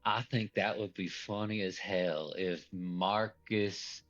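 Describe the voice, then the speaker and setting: Man, game master, very low voice, rambling and loose, dull lo-fi mic. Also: fairly even intonation, slow, a bit bright. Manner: loose, rambling, laughs often. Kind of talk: narrating and voicing a tabletop role-play.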